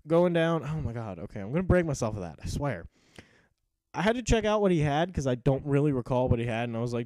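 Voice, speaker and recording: A man's voice: mid-range voice, warm tone, dry recording. Young man swearing through game commentary. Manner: casual, swearing, self-mocking, rambling. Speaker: gaming commentator. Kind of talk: post-recorded gameplay commentary.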